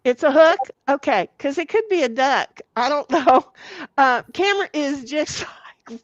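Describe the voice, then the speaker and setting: A woman's voice: fairly high pitch, normal speed, dry recording, muffled recording. A woman hosting a casual livestream, reading viewer comments aloud in a salty, giggly way and swearing freely. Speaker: livestream host.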